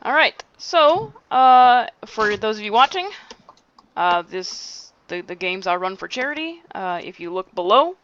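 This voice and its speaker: A woman acting as game master on a live stream, chatting casually and halting with frequent fillers and restarts. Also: medium pitch, very animated, fairly bright tone, lo-fi sound. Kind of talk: casual streamed tabletop chat.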